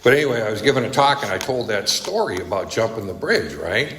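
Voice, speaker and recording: With a fairly low, fairly bright voice and a fast, sing-song delivery, a man shares his story at a recovery meeting. He's blunt and conversational, peppering his talk with "right?" and "okay?", heard in an echoey hall with faint noise.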